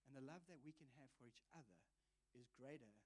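A man's voice: medium pitch, expressive, fast talker, darkish tone. A man preaching a sermon, earnest and confessional, telling a personal story with self-mocking humour. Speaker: visiting preacher.

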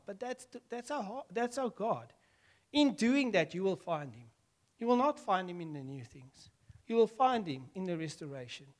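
A man preaching a sermon, acting out lively back-and-forth dialogue with God and laughing often. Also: high voice. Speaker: pastor.

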